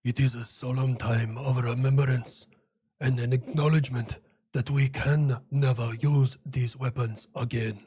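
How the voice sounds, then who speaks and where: Casting: a proud, know-it-all personified America for a cartoon skit; dry close recording. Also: male voice, medium pitch, steady tone, measured pace, dark tone, breathy edge, no echo. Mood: boastful. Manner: boastful, explains at length. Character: proud personified United States, male, lecturing. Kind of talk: comedic animated skit dialogue.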